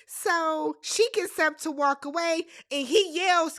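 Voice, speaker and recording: A high-pitched woman recaps a reality show in a sassy, animated voice and leans on emphatic repetition. Her voice sounds dry and close, with no room echo. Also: takes it slowly, few pauses. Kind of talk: casual recap commentary.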